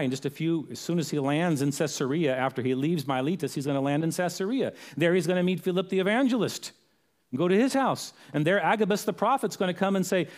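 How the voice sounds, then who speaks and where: A man's voice: fairly high pitch, quick pace. A man preaching a sermon as a pastor, earnest, repeating phrases for emphasis.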